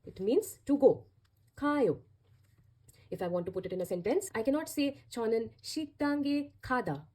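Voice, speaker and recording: Mellow, husky woman teaching. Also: fairly high pitch, animated, racing, hardly any pauses. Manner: patient, repeats and spells out each step. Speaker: Korean language teacher. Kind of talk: explanatory language lesson.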